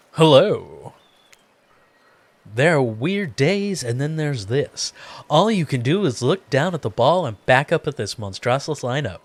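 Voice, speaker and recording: This gaming YouTuber plays a dating sim and reads its text aloud, adding playful, theatrical commentary and laughing often. His medium-pitched voice is sing-song and slow. There's no echo.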